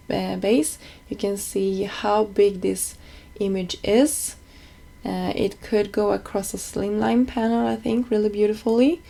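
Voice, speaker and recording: A woman's voice: mid-range voice, vocal fry, mellow. A woman narrating a card-making tutorial as a voice-over, explaining each step plainly with small slips.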